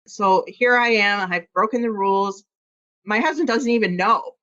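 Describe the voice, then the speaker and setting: Woman guest retelling a rough family story, candid, slightly dull lo-fi sound. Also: mid-range voice, normal speed. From Iowa. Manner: candid, animated retelling with quoted dialogue. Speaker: podcast guest. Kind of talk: emotional personal storytelling.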